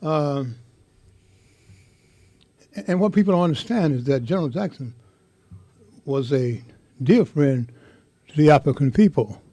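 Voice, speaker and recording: An older man telling a heartfelt story in an interview, speaking with impassioned, halting repetition. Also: fairly high pitch, lively intonation, mellow, dry recording. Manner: impassioned, halting, repeats words. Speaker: interviewee, veteran.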